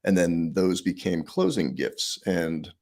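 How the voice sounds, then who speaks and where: Guest: middle-aged man, low husky voice, lively storyteller. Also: slow. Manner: animated storyteller, acts out quotes. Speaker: podcast guest, author. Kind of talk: casual interview chat.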